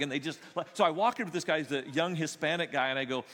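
A man pastor telling stories in a sermon, animated and joking, acting out the people he quotes. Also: fairly high pitch, brisk, a little hiss or hum. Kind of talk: sermon storytelling. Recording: long echo of a large hall.

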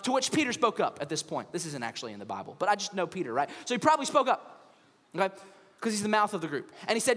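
Pastor, man, high lively voice, hall reverb, acts out bits. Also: fast talker. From United States. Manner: animated storytelling, acts out voices, humorous. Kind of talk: sermon. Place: church stage.

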